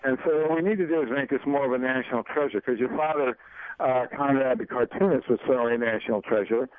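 Man radio host, halting folksy talk, dry tinny phone-like sound. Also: mid-range voice, no echo. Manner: halting, many ums and uhs, folksy. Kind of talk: casual radio interview.

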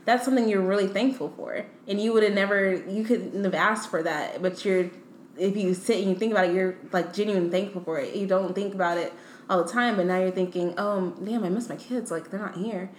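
A woman's voice: medium pitch, fairly even intonation, fairly quick. A woman co-hosting a podcast, reflective and teasing, with a dry sense of humor. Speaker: podcast co-host. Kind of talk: casual podcast chat. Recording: echoey room with faint noise.

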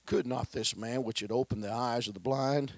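A male pastor preaching a sermon, swinging between loud declarations and hushed whispers. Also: mid-range voice, normal speed, creaky, no echo.

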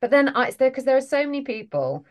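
A woman's voice: sits high, very animated, fast talker. A British woman, an actress, chatting casually and self-deprecatingly in an interview. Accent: British English. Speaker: voice and mocap actor guest.

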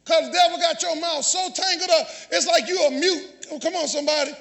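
Male pastor, very high bright voice, call-and-response sermon, long church reverb. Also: a little fast, gravelly. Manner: call-and-response preaching, often shouting. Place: church sanctuary.

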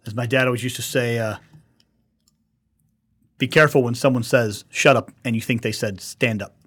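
Husky-voiced man telling stories animatedly. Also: medium pitch, fairly quick. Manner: animated storytelling, acts out quotes, swears often. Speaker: podcast co-host. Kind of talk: casual profane podcast chat.

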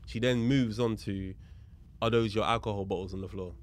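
A police officer appearing as a podcast guest tells a story in a fairly low, slightly quick voice. He lively acts out both sides of the exchange and explains the legal points, keeping it casual and conversational.

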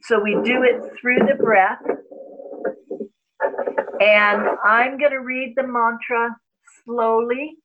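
A woman speaking as a spiritual teacher, calmly guiding breathing and a mantra meditation. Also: a little high, highs cut off. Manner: slow, calm, guiding.

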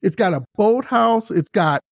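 A man hosting a podcast, telling a story in casual chat, animated and laughing often. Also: high voice, a little slow, vocal fry. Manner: animated, laughs often, acts out quoted voices. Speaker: podcast host.

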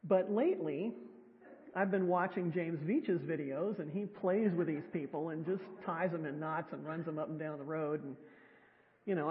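A woman preacher giving a sermon in a church, talking conversationally with wry, self-deprecating humor. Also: fairly low pitch. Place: church sanctuary. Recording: tinny, echoey hall sound.

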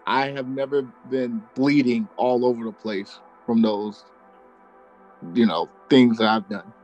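A man co-hosting a casual podcast, animated and quick with short reactions. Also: mid-range voice, highs cut off, faint music behind. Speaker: podcast co-host.

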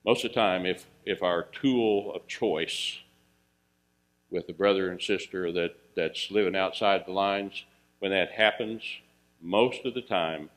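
A man's voice: fairly bright tone, poor audio. A man preaching a sermon in a folksy way, asking his listeners questions and lifting his voice when he quotes scripture. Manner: rises in pitch and volume reading scripture, drops low for asides; folksy, asks the audience questions. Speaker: pastor.

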